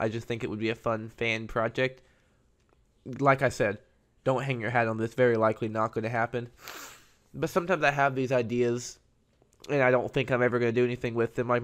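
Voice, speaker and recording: A man hosting his own podcast, talking alone in a rambling, conversational way. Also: mid-range voice. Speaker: podcast host. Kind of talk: casual solo podcast monologue.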